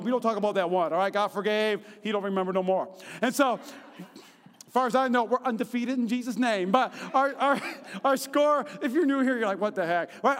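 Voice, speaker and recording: A man in his thirties preaching a sermon in a lively, conversational way, often checking in with the congregation. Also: very high voice. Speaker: pastor. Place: church hall. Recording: long reverb of a large hall.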